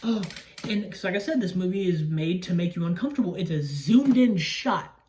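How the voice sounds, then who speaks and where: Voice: mid-range voice, brisk, a little mellow, a little hiss or hum. A young adult recapping a horror movie in a casual, rambling way, swearing often and breaking into grossed-out outbursts. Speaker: movie reviewer.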